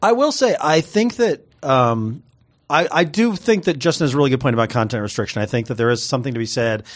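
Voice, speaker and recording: A man's voice: medium pitch, fast talker. A man co-hosting a casual chat, joking and reading listener messages aloud. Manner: animated, joking, reads listener notes aloud.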